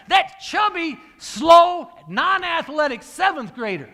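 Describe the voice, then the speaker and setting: A man's voice: high-pitched, moderate pace. A middle-aged man, a coach telling a story to an audience and acting out the dialogue. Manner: animated, acts out quoted dialogue. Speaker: wrestling coach and speaker. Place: large hall. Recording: reverberant hall.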